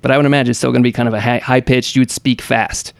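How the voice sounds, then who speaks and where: Gravelly man rambling through gaming news. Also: mid-range voice, little pitch movement, very fast, dry recording. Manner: rambling, hesitant, many fillers and restarts. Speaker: podcast co-host. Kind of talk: casual gaming news chat.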